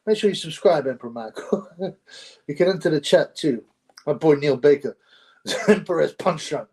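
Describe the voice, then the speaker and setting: Young guy rambling on a livestream, bit higher voice, lots of slang and laughs. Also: fast, darkish tone. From United Kingdom. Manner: rambling, laughs often, slangy street talk. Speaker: livestream host. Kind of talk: casual solo livestream chat.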